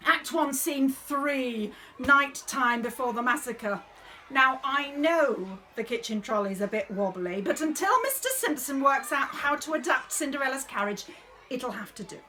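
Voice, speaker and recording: A woman's voice: high-pitched, expressive, unhurried, bright, forceful tone, slight background noise, heavily acted. A woman playing a fussy, bossy drama director running a school nativity rehearsal, in a theatrical, exasperated comic monologue.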